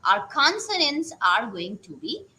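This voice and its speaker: Woman, teacher, pronunciation lesson, repeats sounds, high, lively pitch. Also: low-quality recording. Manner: slow, repeating each sound, drawn out vowels.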